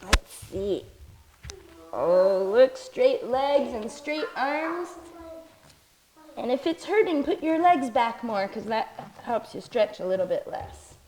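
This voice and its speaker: A woman leading a children's yoga class in a studio, gentle and encouraging. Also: fairly high pitch, expressive, slow pace. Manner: gentle, encouraging, playful with animal sounds.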